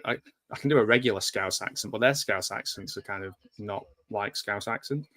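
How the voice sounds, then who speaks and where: A man's voice: lowish voice, fairly quick, pushed and bright. A man giving a casual, rambling live commentary while watching a movie, drifting into nostalgic asides. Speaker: film commentator.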